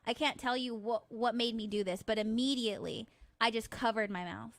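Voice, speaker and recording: Animated young-sounding woman telling a story. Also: on the high side, a little fast, no echo. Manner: animated storytelling, heavy use of "like". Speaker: podcast co-host. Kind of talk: casual chat.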